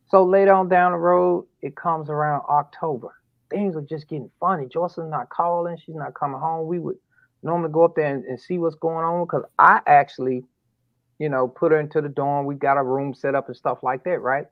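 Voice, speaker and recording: A man's voice: on the high side, moderate pace, creaky, no room sound, muffled recording. A man telling a personal story as a father, acting out the conversations and rising sharply in disbelief. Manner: animated retelling that acts out dialogue, voice rising sharply in disbelief. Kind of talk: emotional storytelling interview.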